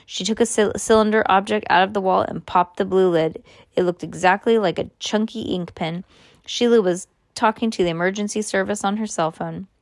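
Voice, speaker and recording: A woman's voice: medium pitch, fairly even intonation, fairly quick, no room sound, studio quality. A woman reading a novel aloud, now and then stopping to explain in her own words. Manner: plain reading with spoken asides. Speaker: reader.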